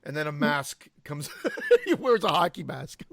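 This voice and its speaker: A man's voice: on the high side, huge pitch swings, a little slow, gravelly. A man co-hosting a horror movie podcast in casual chat, joking, laughing often and acting out bits. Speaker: podcast co-host.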